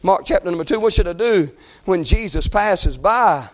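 A man delivers a fervent sermon in a very high voice. He moves between shouted pleading and low, quiet talk. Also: expressive, normal speed. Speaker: preacher.

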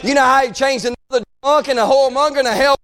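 A man preaching a fervent revival sermon, often shouting and drawing out his phrases. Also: very high-pitched, fairly even intonation, quick pace.

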